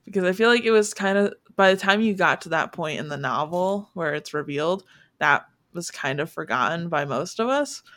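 A woman's voice: on the low side, animated, moderate pace, fairly bright tone, no room sound, studio quality. A young woman chatting casually as a podcast co-host, trailing off with fillers. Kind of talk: casual chat.

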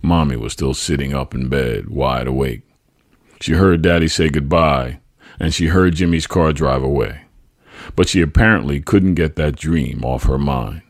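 Very deep-voiced man reading a memoir. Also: normal speed, dry recording, clean studio sound. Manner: dramatic storytelling, voices quoted speech loudly. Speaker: podcast host and narrator.

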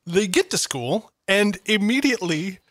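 Sarcastic higher-voiced man, dry sound. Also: expressive, moderate pace, fairly bright tone, dry recording. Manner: sarcastic, joking, swears casually. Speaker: podcast co-host. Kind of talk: casual chat.

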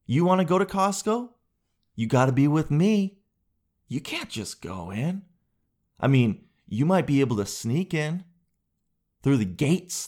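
Male solo podcast host, rambling comic riffs, mid-range pitch. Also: darkish tone. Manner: rambling, jokey, riffing with crude asides. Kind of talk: solo comedic podcast chat.

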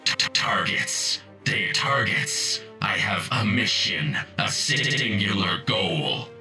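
A vine-bound creature woman, as a man puts her on, pushing each word out slowly and haltingly with single-minded resolve. Her low voice hangs in a roomy echo, and loud music plays behind her. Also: animated. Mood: cold.

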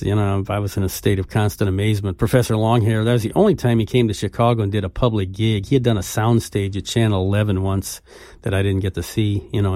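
A man's voice: on the low side, dark tone, dry recording, studio quality. A man in his sixties telling rambling music-interview anecdotes with frequent laughs. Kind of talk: relaxed storytelling interview.

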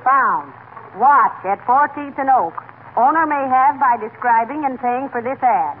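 Brisk wife. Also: female voice, sits high. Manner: brisk, scolding, warm-humored. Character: sensible, teasing wife keeping her husband honest. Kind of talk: 1940s radio comedy acting. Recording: scratchy tinny old radio broadcast.

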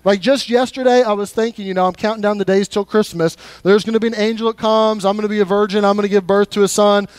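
A man's voice: high voice, fairly even intonation, quick pace, hardly any pauses, clear, resonant tone, no echo, natural voice. A man voicing a skeptical young woman in casual modern speech. She is hesitant and stumbles over her words. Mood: sarcastic.

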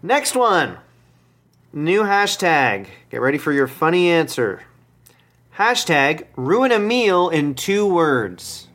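A man hosting a podcast and running a game segment, talking in a halting, dry way with many fillers. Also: on the high side, sing-song, fairly bright tone. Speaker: podcast host.

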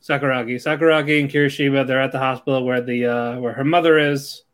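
A man's voice: mid-range voice, fairly even intonation, fast talker. A young man co-hosting a podcast in casual chat, laughing often and using slang as he recaps anime. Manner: laughs often, jumps into quoted character voices, uses slang. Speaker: podcast co-host.

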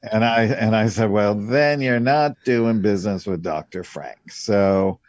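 Older male casting director, unhurried storyteller with a dark, low voice. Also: dry recording. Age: 60s. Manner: rambling, anecdotal, many fillers. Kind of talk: casual interview storytelling. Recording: dull lo-fi, dry.

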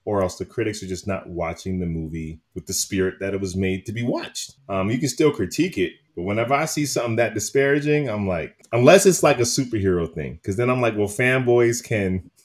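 A man hosting a podcast in casual chat, animated and opinionated, laughing often. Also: fairly low pitch, fast, hardly any pauses. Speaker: podcast host.

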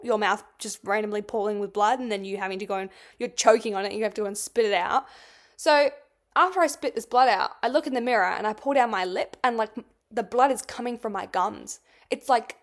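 Chatty, swearing young woman. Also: a little high. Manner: chatty, swears a lot, fills with "like". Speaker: podcast host. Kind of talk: casual personal storytelling.

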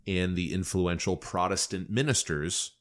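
A man's voice: low-pitched, steady tone, measured pace. A man co-hosting a casual, jokey history podcast, explaining facts with playful asides. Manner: jokey, slips into silly put-on voices. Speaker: podcast co-host. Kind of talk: casual comedic history chat.

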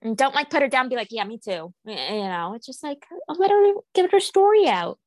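A young woman co-hosting a podcast, chatting casually and animatedly about reality TV, her pitch jumping up when she quotes people. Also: very animated, brisk, dry recording. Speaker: podcast co-host.

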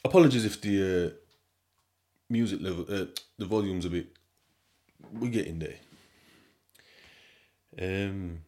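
Deep-voiced male podcast host, casual slangy storyteller, animated, loud and quiet by turns. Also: unhurried, long pauses. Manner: animated, slangy, repeats himself, swings between loud and quiet.

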